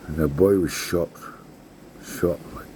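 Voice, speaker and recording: This is a man in his sixties from Scotland, a vlogger, with a low, warm voice and a slow delivery. Chatting casually, he wanders through a story, cursing liberally and ending lines with "right?" A little background noise can be heard.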